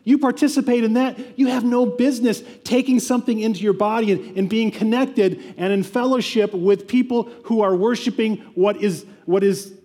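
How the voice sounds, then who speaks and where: A man's voice: sits high, dark tone, slightly rough, big-room sound. A man preaching a sermon as pastor, conversational, with asides and frequent restarts.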